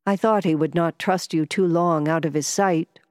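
A serene, wise male doctor speaks calmly and reassuringly, as a woman reads him aloud. Her voice stays low and close to the mic. A long reverb tail lingers behind it. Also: moderate pace, close to an everyday voice. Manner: calm, gently reassuring.

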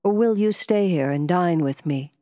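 Woman reading a calm, wise male doctor. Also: fairly low pitch, normal speed, no echo, clean studio sound, big-room sound, natural voice. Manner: calm, gently reassuring.

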